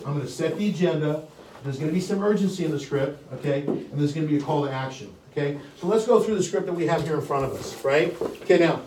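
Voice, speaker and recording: A man's voice: fairly high pitch, a little hiss or hum. Brash older man coaching a sales team. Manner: brash, blunt and animated, with profanity. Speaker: sales trainer. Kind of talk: live sales training talk. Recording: echoey room, distant mic.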